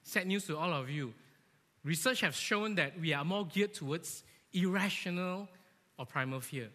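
A man giving a lively, joking sermon to a church, animated and often asking his listeners "right?", in an echoey church hall. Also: sits high, normal speed. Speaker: church speaker.

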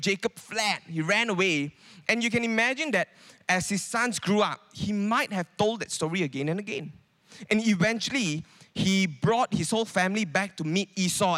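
A man's voice: high voice, moderate pace, sharp tone. A man preaching a sermon in a conversational way, with many rhetorical questions.

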